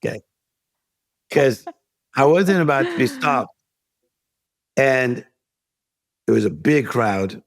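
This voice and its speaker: A man's voice: medium pitch, expressive, slow pace, vocal fry, pauses often, no room sound. A middle-aged man, a life coach guest, telling a story in an interview and acting out the voices of the people in it. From United States.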